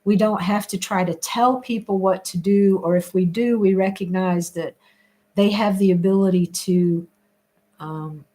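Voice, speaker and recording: A woman talks casually to her viewers, thinking aloud and rambling. She restarts sentences and laughs softly between thoughts. Her voice sits in a middle pitch. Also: steady tone, a little slow. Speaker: livestream host reading viewer comments. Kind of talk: casual reflective chat.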